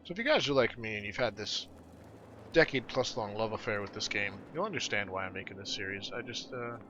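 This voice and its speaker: A man's voice: fairly low pitch, animated, quick pace, sharp tone, dull audio, soft background music. A man in his thirties, a gameplay channel host, chatting casually and jokily over his play. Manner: nostalgic, chatty, jokey.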